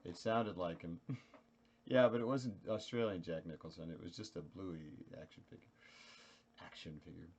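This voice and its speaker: A man chatting casually with viewers on a live stream, animated, joking and mocking himself. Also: deep voice, moderate pace, husky.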